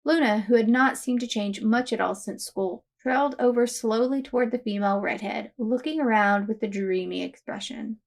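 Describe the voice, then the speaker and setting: Give me a woman reading fan fiction aloud steadily, with a fairly high voice. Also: moderate pace, vocal fry, few pauses. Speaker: narrator.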